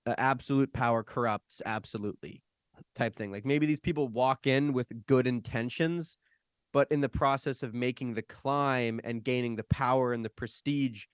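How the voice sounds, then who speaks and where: A man hosting a podcast, talking in a measured, casual way as he sums up his guest's point. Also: mid-range voice, smooth, no echo, clean studio sound. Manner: measured, checks his understanding. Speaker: podcast host. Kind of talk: casual chat.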